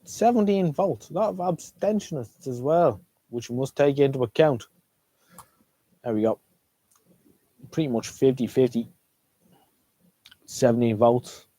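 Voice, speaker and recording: Man, Irish accent, middle-aged, mellow tone, rambling live stream host. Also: mid-range voice, normal speed, pauses often, no echo. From Ireland. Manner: chatty, repeats himself, rambling. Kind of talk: casual live stream chat.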